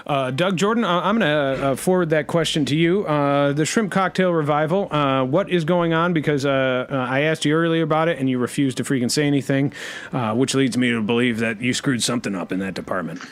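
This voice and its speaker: Rambling deadpan male podcast host. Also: fairly high pitch, a little fast, soft background music. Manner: peppers every sentence with a filler swear, deadpan rambling. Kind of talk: comedic podcast banter.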